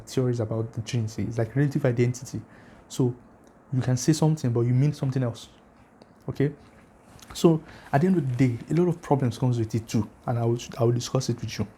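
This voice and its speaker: A man with a mellow, warm tone and a medium pitch lectures his viewers on theology in a casual, argumentative way. He presses his points emphatically and challenges listeners with rhetorical questions. A faint noise sits under the recording. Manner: addresses viewers directly, asks for comments. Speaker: religious channel host.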